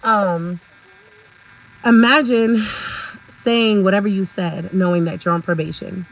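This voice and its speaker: A woman's voice: mid-range voice, steady tone, unhurried, slight background noise, rough recording. Sassy laughing woman vlogger. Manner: sassy, laughs often, talks straight to viewers. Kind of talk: casual ranting commentary.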